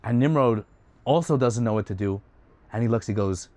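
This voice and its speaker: A man telling a story in a lively, animated way, with quick restarts. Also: medium pitch, no echo. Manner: lively, with restarts and many voices.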